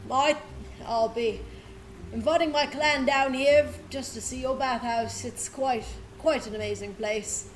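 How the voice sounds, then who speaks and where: A stout, proud male dwarf from a tabletop game who speaks in a formal, stately manner, as a woman game master plays him. The voice stays fairly high, with a faint hiss behind it. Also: fairly even intonation, unhurried, rough recording.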